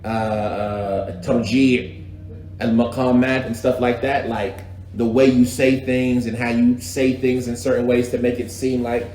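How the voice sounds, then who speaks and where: A man teaching a casual religious class, talking in a lively, slangy way and mimicking recitation styles. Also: mid-range voice, unhurried, a little hiss or hum. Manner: animated, conversational, slangy, imitates recitation styles. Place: echoey mosque classroom. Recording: echoey room with faint background ambience.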